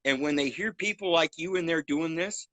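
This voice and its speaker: Brash, bright-voiced man. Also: on the high side, moderate pace, no echo, low-quality recording. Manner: blunt, profane, preachy. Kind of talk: casual chat.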